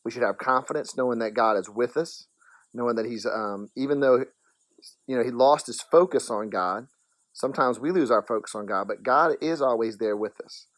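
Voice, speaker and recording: A man, wrapping up a children's church lesson in a relaxed way with frequent ums. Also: mid-range voice, moderate pace, dry recording. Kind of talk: casual lesson wrap-up.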